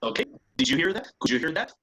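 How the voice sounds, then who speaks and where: A man's voice: a little high, sing-song, fast talker, bright, forceful tone. A man teaching an English class online, switching between Spanish and English and explaining patiently step by step, checking often that students follow.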